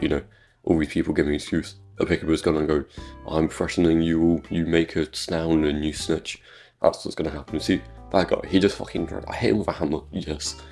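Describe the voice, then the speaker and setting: A British man with an extremely low voice delivers comedic gameplay commentary. He rambles through crude, sarcastic jokes in a casual way. Faint guitar music plays behind him. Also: gravelly, a little mellow. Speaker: gaming YouTuber.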